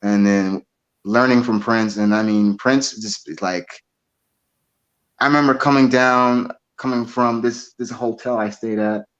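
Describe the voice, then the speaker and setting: Twentysomething guy telling stories about drumming, gets excited, stumbles and repeats, kinda muffled audio. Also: medium pitch, a little slow. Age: 20s. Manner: animated storyteller, repeats words, acts out quoted voices. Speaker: drummer and guest. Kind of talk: casual interview storytelling.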